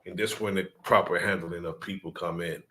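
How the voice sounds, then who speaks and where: A man addressing his followers in a deliberate, preaching cadence, repeating his key points. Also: low-pitched, steady tone, bright, forceful tone, slight background noise.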